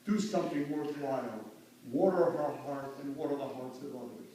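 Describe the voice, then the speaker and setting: A man's voice: medium pitch, moderate pace, mellow. A man giving an earnest funeral eulogy, mixing in Yiddish and Hebrew phrases and rising to fervent emphasis. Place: funeral hall. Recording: echoey hall from far off, faint hum.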